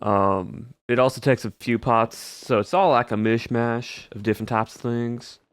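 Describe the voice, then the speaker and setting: A young man talks in a put-on Southern US drawl, a laid-back cowboy who rambles with folksy asides. His voice sits at a middling pitch and comes through smooth and clear. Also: fairly even intonation, normal speed, no room sound. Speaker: streamer playing a cowboy. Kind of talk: casual in-character roleplay chat.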